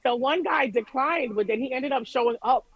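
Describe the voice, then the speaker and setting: Woman guest, animated storyteller, dull dry recording. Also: high voice, moderate pace, no echo. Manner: animated, restarts often, swears freely. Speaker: guest artist. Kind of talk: casual interview storytelling.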